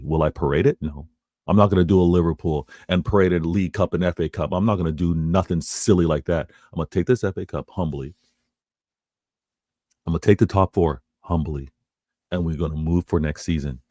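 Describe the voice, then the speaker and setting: Boastful trash-talking man, low voice. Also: a little mellow, no room sound, studio quality. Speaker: football show host. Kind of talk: casual fan talk show.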